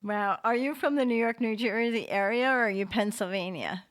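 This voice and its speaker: A woman's voice: fairly high pitch, moderate pace, no echo. A woman hosting an interview, asking questions and reacting enthusiastically. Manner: enthusiastic, frequent "wow". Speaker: interview host. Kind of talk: casual interview.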